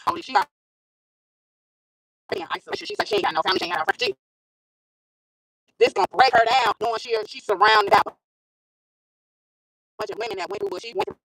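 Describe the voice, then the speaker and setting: A woman's voice: mid-range voice, fast, long pauses, crowd noise, low-quality recording. A woman vlogger with a school-age son, telling her own story in a casual monologue and repeating phrases for emphasis. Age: adult with a school-age son.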